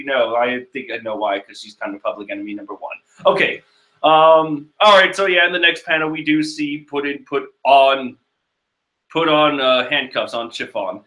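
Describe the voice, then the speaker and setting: Chatty young man, bright voice. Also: mid-range voice, steady tone, normal speed. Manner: chatty, rambling, with frequent fillers. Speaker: manga reaction host. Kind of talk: casual reading and reacting. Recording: echoey room.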